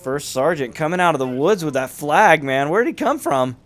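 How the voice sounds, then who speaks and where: A man hosting and commentating a large online battle game with lively, amused play-by-play. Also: fairly high pitch, moderate pace. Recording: commentary over loud battle crowd noise. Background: crowd and gunfire of a large online battle.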